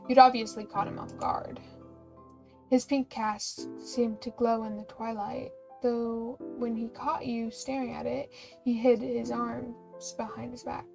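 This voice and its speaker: A woman's voice: a little high, flat delivery, unhurried, vocal fry, darkish tone, soft background music, poor audio. A young woman streamer reading a story game aloud, breaking off into giggly, chatty asides. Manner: giggly, chatty, self-interrupting.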